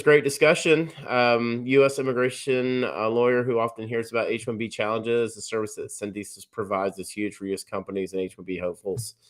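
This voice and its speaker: A man with a low voice hosts a live stream in an easygoing way. He reads out viewer comments and fills his pauses with plenty of ums and uhs. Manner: relaxed, lots of um and uh fillers. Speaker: host.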